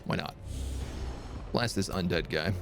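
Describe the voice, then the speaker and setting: Gravelly low-voiced guy streaming a game, chatty and laughing a lot, quiet music behind. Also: measured pace. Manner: chatty, rambling, laughs often. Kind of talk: live gameplay commentary and storytelling.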